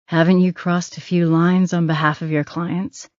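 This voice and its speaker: A man's voice: fairly high pitch, little pitch movement, normal speed, a little mellow, no echo, highs cut off, lightly acted. A woman doing an earnest apologetic man.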